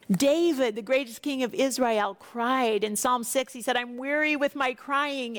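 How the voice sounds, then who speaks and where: A woman reading scripture aloud and explaining it in an earnest, devotional way, asking her listeners questions. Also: on the high side. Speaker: Bible teacher. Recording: long hall reverb.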